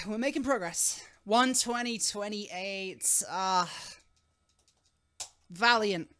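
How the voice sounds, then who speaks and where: A young adult woman streaming live, chatting casually, swearing freely and squealing loudly when thanking donors. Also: medium pitch, takes it slowly, smooth.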